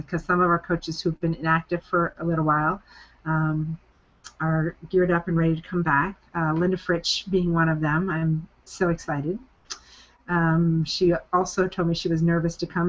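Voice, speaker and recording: A woman hosts a motivational group call, sounding sincere and emphatic. She repeats key phrases to drive them home, her voice sitting a little low. The audio is muffled and lo-fi, like a conference line. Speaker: coaching program leader hosting a group call.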